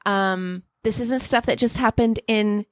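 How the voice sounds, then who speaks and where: A woman's voice: on the high side, unhurried, dry recording. A woman co-hosting a casual political talk podcast, chatty and self-deprecating as she reads out quotes. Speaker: podcast co-host.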